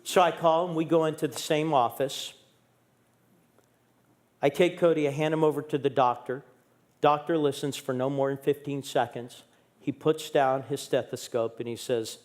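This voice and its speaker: Man, middle-aged pastor, fairly high voice, humorous candid storytelling sermon in church. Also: steady tone, normal speed, a little mellow. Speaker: guest pastor.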